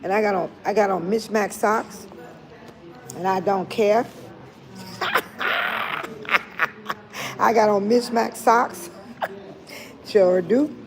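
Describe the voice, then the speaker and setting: A woman's voice: medium pitch, slow pace, long pauses, crowd noise. An older retired woman chatting casually with viewers on a phone livestream, laughing often and talking straight to them. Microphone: phone held close to the face.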